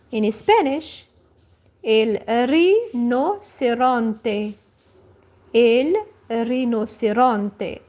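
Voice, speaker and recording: A woman teaching a livestreamed vocabulary lesson, saying each word slowly and carefully twice and speaking. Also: a little high, darkish tone. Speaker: language teacher. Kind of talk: slow repeat-after-me vocabulary lesson.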